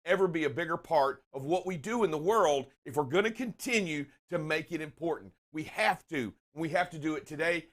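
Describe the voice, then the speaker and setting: Bright, earnest male co-host. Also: a little high. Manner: earnest, rallying. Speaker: co-host, safety advocate. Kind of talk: talk show co-hosting.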